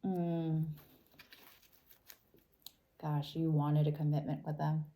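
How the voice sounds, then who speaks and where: A woman giving a casual tarot reading, talking in a soft, thoughtful way and often trailing off and restarting. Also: low voice, flat delivery, slow pace. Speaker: tarot reader.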